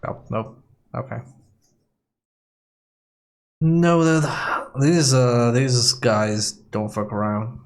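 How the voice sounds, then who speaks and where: A man's voice: medium pitch, steady tone, drawn-out words, long pauses. Joking man chatting while gaming. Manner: joking, laughs often, swears casually. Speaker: gamer playing co-op. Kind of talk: casual gaming chat.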